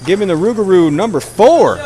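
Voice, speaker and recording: A man calling a ball hockey game play by play, tired after hours of talking, joking at his own expense and getting louder on goals. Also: sits high, a little fast. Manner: joking, self-mocking, rising excitement on goals. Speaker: play-by-play commentator.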